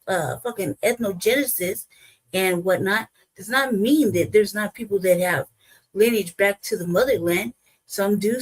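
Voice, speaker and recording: A woman's voice: mid-range voice, slightly rough, low-quality recording. A woman hosting a reaction commentary, heated and emphatic, swearing freely as she rants. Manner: heated, profane, emphatic ranting. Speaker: host.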